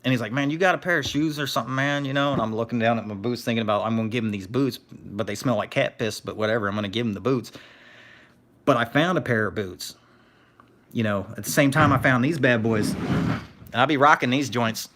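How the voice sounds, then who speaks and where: A male scrapper streamer talks a little fast at a medium pitch, his tone fairly bright. He's easygoing on the stream, spinning laid-back stories, reading chat aloud, and thanking viewers.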